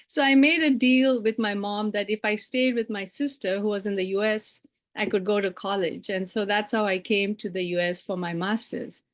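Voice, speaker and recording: A middle-aged woman from India giving a personal storytelling speech, animated and acting out the voices of the people she quotes. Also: medium pitch, moderate pace. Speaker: keynote speaker.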